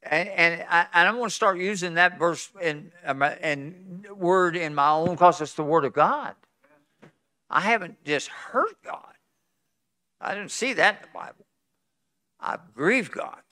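A revival preacher delivers his message slowly and deliberately, his bright, ringing voice slightly high for a man. He swings between loud pleading and near-whispered tenderness, breaking into folksy chuckles. The sound is close and dry. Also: no echo. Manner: emotional, swings from loud pleading to hushed tones; laughs between phrases, folksy. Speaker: pastor. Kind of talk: sermon. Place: conference hall.

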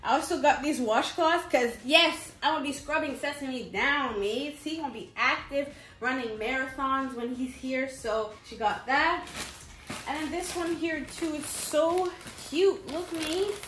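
A young woman chatting excitedly through a baby gift haul, calling her viewers "mates". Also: high-pitched, a little slow. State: pregnant, briefly out of breath. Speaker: vlogger. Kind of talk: casual haul vlog. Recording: echoey room.

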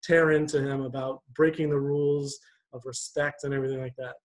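A young man giving a church devotion, telling a personal story in an animated, conversational way. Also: medium pitch, a little fast, rough recording.

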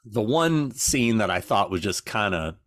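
Animated, profane man telling stories. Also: on the low side, a little slow, dry recording, clean studio sound. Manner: animated storytelling, profane, acts out voices. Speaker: podcast co-host. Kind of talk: casual chat.

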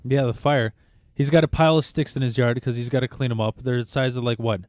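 A man's voice: mid-range voice, fairly even intonation, fast talker, darkish tone, no echo, clean studio sound. A man telling rambling, profane stories in a casual podcast chat, often restarting his sentences.

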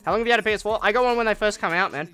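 Fast-talking young Australian man. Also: sits high, sharp tone, clean tone, soft background music. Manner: chatty, laid-back, peppers talk with "man" and "um". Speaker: gaming streamer. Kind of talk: casual live-stream chat reading viewer comments.

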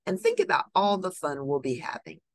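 A woman voicing the vain, cruel stepsisters in a storybook, mocking and shrill. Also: huge pitch swings, a little fast, dry recording, exaggerated voice.

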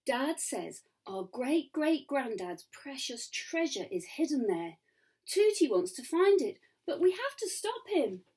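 A woman's voice: very animated, slow pace, few pauses, far from the mic, exaggerated voice. A woman doing an urgent, bossy little princess girl. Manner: hissing, insistent, high and loud. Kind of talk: storybook read-aloud.

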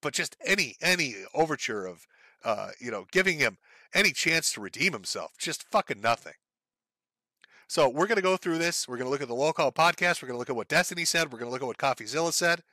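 A man's voice: a little high, animated, fast talker, bright, forceful tone, no room sound. A man hosting a live stream, ranting in profane, sarcastic, mocking commentary. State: sore, says his throat gives out.

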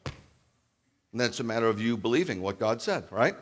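A man preaching a sermon as a rabbi, animated, acting out loud calls and then dropping to a hushed voice. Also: mid-range voice, moderate pace, husky. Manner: animated, acts out calls and shouts, then drops to near-whisper. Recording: long hall reverb.

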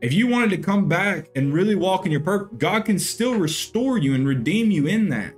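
A man's voice: high-pitched, lively intonation, moderate pace, soft background music. A man, a pastor, teaching a Bible lesson in an earnest, conversational way. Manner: earnest, conversational, with frequent "you know".

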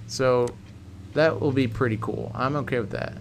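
Over some background noise, a man with a creaky, mid-range voice and steady tone speaks at a moderate pace. As a video game tutorial creator walking through a build, he's chatty with his "guys," thinking out loud and correcting himself along the way.

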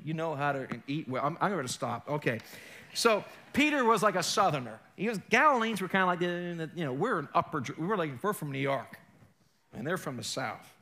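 A man preaching a sermon as pastor, telling stories with animated energy and joking with the congregation. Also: fairly high pitch, fast. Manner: animated storytelling, mimics accents, jokes with congregation.

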